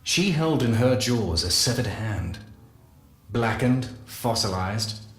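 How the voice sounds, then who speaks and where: An actor playing a solemn male scientist narrating a game audio journal, measured and confessional. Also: lowish voice, animated. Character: solemn male scientist recounting guilty secrets. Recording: echoey voice with faint music.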